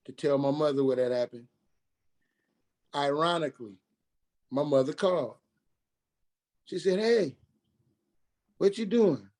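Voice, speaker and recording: Dark-voiced man telling a painful story. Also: mid-range voice. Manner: halting, repeats and restarts, quoting others in dialogue. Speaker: guest telling his life story. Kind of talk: personal storytelling on a radio talk show.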